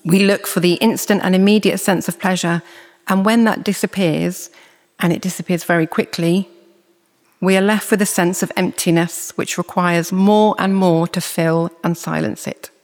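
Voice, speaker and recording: Preacher, sermon, earnest, measured delivery, mid pitch, long hall reverb. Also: steady tone. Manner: measured, earnest, reads scripture slowly.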